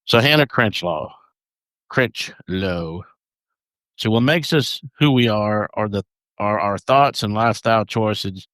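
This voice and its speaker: A man's voice: fairly low pitch, normal speed, a bit bright, no room sound. A man co-hosting a podcast, chatting casually and reading notes aloud, stumbling over names. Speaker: podcast co-host.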